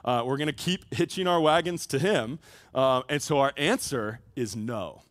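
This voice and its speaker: A man preaching a sermon to high schoolers as a youth pastor, talking casually and conversationally with frequent asides. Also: normal speed, no echo.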